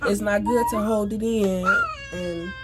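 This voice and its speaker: A woman venting in an angry, profane, rapid rant. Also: mid-range voice, fairly even intonation, loud music behind the voice. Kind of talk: emotional venting monologue.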